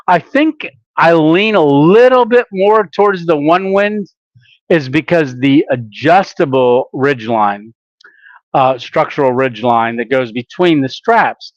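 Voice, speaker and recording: Male live-stream host with a slightly high voice, casual and rambling, full of filler sounds. Dry, muffled lo-fi sound. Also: dry recording.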